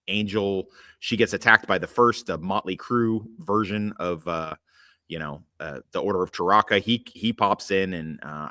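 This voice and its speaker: A man with a low voice and a bright, sharp tone hosts a casual podcast chat. He rambles through his points with many hesitations and fillers, swears freely, and drops sarcastic asides along the way. The sound is close and dry. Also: no room sound. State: occasional coughing from allergies. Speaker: podcast host.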